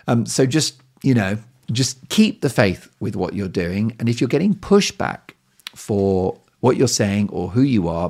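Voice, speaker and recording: Man, podcast host, husky gravelly low voice, chatty with lots of ums and repeats. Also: darkish tone. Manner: conversational, frequent fillers and repeated words. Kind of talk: solo podcast monologue.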